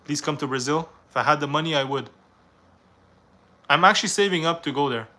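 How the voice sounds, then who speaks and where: A man's voice: a little high, a little fast, bright, forceful tone. A young man from Canada, reading viewers' questions aloud on a live stream and answering them in a casual, rambling way.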